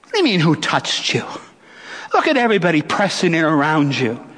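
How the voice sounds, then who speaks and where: A sarcastic, exasperated disciple , played by a male preacher, questions in disbelief. His voice is slightly raised and husky, with long church reverb behind it. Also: fairly high pitch, wildly swooping pitch, fairly quick, fairly bright tone, exaggerated voice. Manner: sarcastic, incredulous.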